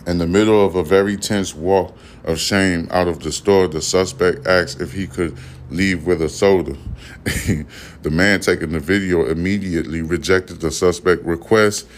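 A man's voice: sits low, fairly even intonation, normal speed, slight background noise. A man hosting a podcast, reading news stories and riffing on them in a loose, profane, rambling way. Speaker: podcast host. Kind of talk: casual news commentary podcast.

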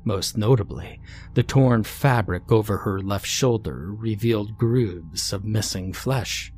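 A man narrating a scary story in a slow, deliberate, ominous scripted reading. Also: on the low side, a little mellow, soft background music.

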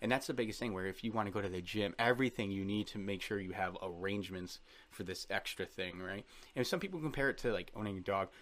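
A man's voice: on the low side, quick pace. A man in his thirties telling rambling, joking stories as a guest in a casual podcast chat. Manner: rambling storyteller, lively and joking.

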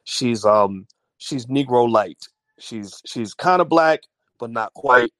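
Speaking slowly but animatedly, a man with a medium-pitched, fairly bright voice hosts an audio-only livestream. He chats casually with viewers and reads out their comments, using lots of fillers and restarts, with no echo in the recording.

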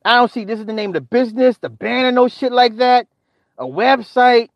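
High-voiced man on an exasperated profane rant. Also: fairly quick, vocal fry, no room sound, muffled recording. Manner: animated, exasperated, laughs often. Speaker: livestream host. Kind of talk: profane ranting commentary.

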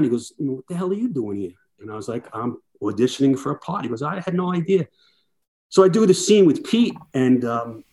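Middle-aged male firefighter guest, mid-pitch, chatty storyteller who plays out the people he quotes. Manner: lively anecdotes, acts out quoted dialogue. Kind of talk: casual storytelling chat.

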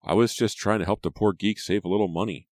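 A man's voice: on the low side, fast talker, darkish tone, no room sound, studio quality, voice pushed up, natural voice. A man reading an audiobook, voicing a rude, scornful teenage girl who works a shop counter and talks in sarcastic, dismissive lines.

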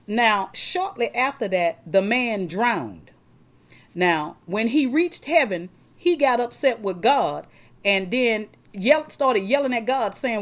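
A woman's voice: mid-range voice, animated, a little slow. A woman preaching a sermon, repeating words as she talks and checking in with her congregation.

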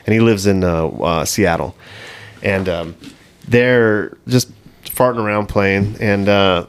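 A man's voice: lowish voice, slow pace, smooth. A man hosting a casual comedy podcast, telling crude gaming stories and acting out quotes with bursts of laughter. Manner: crude, laughing storyteller who acts out quotes. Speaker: podcast host.

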